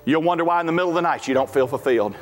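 A man's voice: on the high side, very fast. A man, preaching a sermon as pastor in a folksy, emphatic way. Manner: folksy, emphatic, rising to shouts at climaxes. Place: church sanctuary. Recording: echoey hall with faint music.

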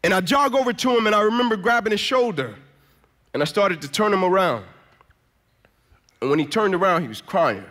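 A man's voice: sits high, expressive, fairly quick, pauses often, sharp tone. A man in his thirties giving an emphatic motivational sermon as a guest speaker in a church, telling a personal story and acting out the dialogue.

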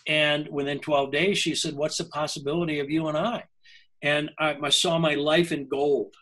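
A man's voice: a little high, level tone, moderate pace, fairly bright tone, poor audio. An older man, a language coach, telling a personal story in an interview, earnest and often breaking off and restarting his sentences.

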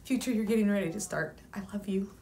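A woman's voice: medium pitch, quick pace. Woman laughing through a tearful message. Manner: emotional, laughing through near-tears. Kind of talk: recorded congratulation message.

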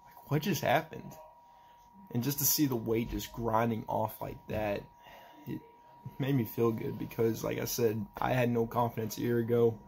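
A young man talking in a personal vlog, halting and emotional as he tries not to cry, with a faint hiss behind him. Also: medium pitch, level tone, creaky, mellow. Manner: halting, emotional, restarts often. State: holding back tears. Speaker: vlogger.

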